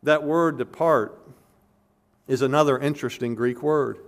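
A man's voice: medium pitch, a little slow. A man preaching a sermon as pastor, explaining scripture earnestly, with emphatic repetitions and frequent restarts.

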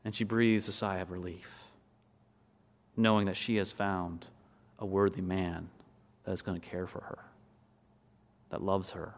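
A man preaching a sermon and teaching from a text. He asks the listeners questions, then answers them, and slows down and softens on key words. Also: low-pitched, flat delivery. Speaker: pastor.

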